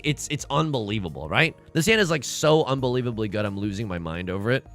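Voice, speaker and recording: Bright lively guy streaming a game, gravelly edge, music in back. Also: medium pitch, quick pace. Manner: animated, joking, rambling. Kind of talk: casual gaming livestream chat.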